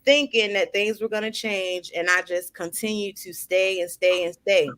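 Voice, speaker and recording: A woman tells her own story in relaxed conversation. She talks in an animated way, laughs easily and fills her sentences with "like.". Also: medium pitch, normal speed. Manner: animated, laughing, heavy "like" filler. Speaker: guest sharing her story. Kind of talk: casual heartfelt conversation.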